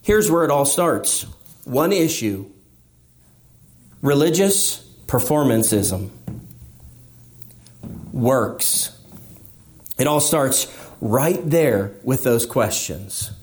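A man's voice: medium pitch, expressive, drawn-out words, long pauses, a little mellow. A man preaching a sermon, speaking emphatically and asking rhetorical questions, sometimes acting out a believer's inner voice. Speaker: pastor.

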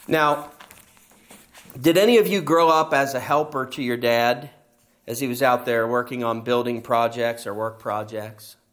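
A man's voice: mid-range voice, a little slow, fairly bright tone. A middle-aged man preaching a sermon as pastor, telling stories and pressing his points with emphasis. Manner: storytelling, emphatic with rising passages.

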